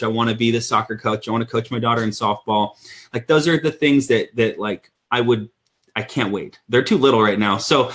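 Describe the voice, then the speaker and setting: A man in his thirties hosting a weekly sales training call, telling a story in an energetic, animated way with many restarts. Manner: energetic storyteller, lively swings in pitch. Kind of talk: casual live-stream talk.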